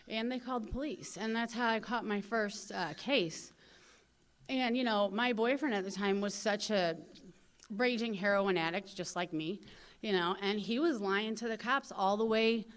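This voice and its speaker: A woman from St. Louis speaking at a recovery convention. She talks casually, fills her speech with "you know," and acts out other people's lines in lively voices. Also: medium pitch, normal speed. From St. Louis, USA. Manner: casual storytelling, heavy on "you know" fillers. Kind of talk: personal recovery talk. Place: convention hall.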